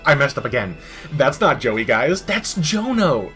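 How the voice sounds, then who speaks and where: Male reviewer, sarcastic and exasperated, lively swinging delivery over faint music. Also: medium pitch, unhurried. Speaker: video game reviewer. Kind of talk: comedic game review commentary.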